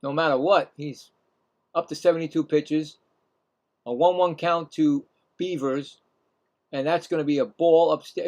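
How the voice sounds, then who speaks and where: A man with a Brooklyn accent hosting a casual live play-by-play stream, chatting and rambling between pitches. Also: steady tone, unhurried, long pauses, a little mellow. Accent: Brooklyn New York.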